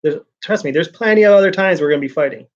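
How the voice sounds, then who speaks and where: A man's voice: a little high, quick pace, muffled recording. A man vlogging in a casual, rambling way, venting his frustration and repeating words as he goes.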